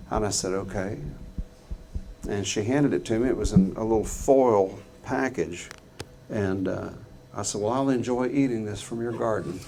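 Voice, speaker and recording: Middle-aged man, low gravelly voice, earnest folksy storytelling, faint room noise. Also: a little mellow. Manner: folksy, earnest, halting with fillers. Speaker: guitarist telling a story at a clinic. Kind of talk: storytelling to a live audience. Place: guitar showroom.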